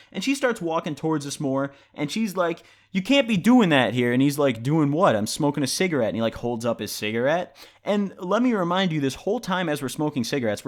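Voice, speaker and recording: Rambling, cussing young-sounding storyteller man. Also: medium pitch. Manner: rambling, heavy use of "like" and profanity. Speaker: vlogger. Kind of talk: casual storytime vlog.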